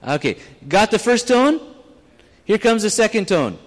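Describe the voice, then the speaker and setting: A man's voice: high voice, sing-song, a little slow, very noisy. A man preaching a sermon to a live congregation, in a conversational, plain-spoken way with frequent restarts. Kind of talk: sermon with audience exercise. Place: church hall with audience. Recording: long hall reverb.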